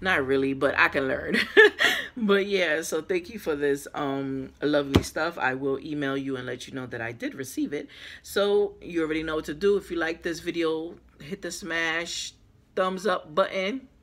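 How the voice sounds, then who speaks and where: Female vlogger, hoarse from losing her voice, chatty unboxing talk to viewers, recorded on a tripod camera. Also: deep voice, normal speed, a little hiss or hum. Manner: chatty, addresses viewers as guys. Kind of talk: casual unboxing vlog. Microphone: camera on a small tripod.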